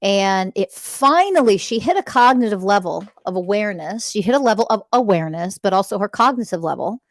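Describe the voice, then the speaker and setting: A woman's voice: mid-range voice, expressive, brisk, no room sound, clean studio sound. A woman hosting a spiritual self-help podcast, speaking emphatically and intensely and swearing freely. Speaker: podcast host.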